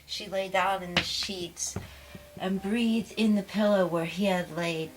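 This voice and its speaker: A woman narrating a novel aloud in a steady, soft way. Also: medium pitch, measured pace, background noise. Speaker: audiobook narrator. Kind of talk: novel reading.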